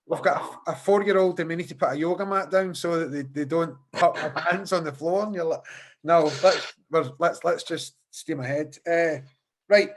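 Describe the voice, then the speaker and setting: A man's voice: a little high, moderate pace. A man hosting a podcast interview over a video call, chatty and often repeating words as he thinks. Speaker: podcast host.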